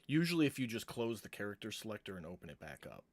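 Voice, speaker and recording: Low-voiced game master. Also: male voice, very animated, fast talker, dry recording. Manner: patient, directing. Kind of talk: running a tabletop game over voice chat.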